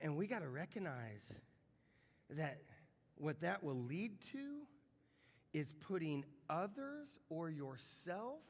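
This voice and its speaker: Middle-aged man, high-pitched, chatty sermon delivery, church livestream with a long hall echo. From American Midwest. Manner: conversational, repeats words, asks the crowd questions. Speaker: pastor. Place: large church sanctuary.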